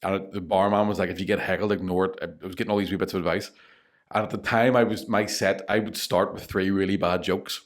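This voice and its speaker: Fast-talking Northern Irish comedian, low voice. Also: male voice. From Northern Ireland. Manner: animated, swears freely, laughs through stories. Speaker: comedian guest. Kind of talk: casual storytelling.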